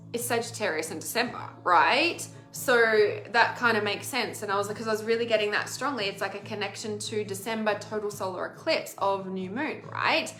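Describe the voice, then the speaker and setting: A woman's voice: fairly high pitch, fairly bright tone, roomy sound. A woman, an intuitive healer, giving a casual oracle card reading in a rambling, chatty way, laughing often and filling her talk with "like".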